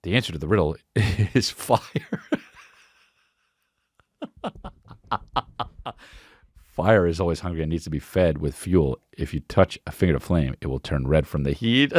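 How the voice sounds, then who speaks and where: Lively, profane man hosting a podcast. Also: low-pitched, a little slow, pauses often, no echo, studio quality. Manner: profane, excitable, trailing restarts. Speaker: podcast host. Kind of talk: casual comedic riffing on viral clips.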